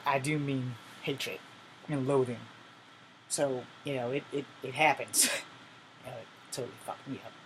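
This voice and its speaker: A man's voice: medium pitch, fairly even intonation, moderate pace, fairly bright tone, a little hiss or hum, low-quality recording. Forties male vlogger, blunt and profane, rambling rant, air conditioner humming behind. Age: 40s. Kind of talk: ranting monologue to camera.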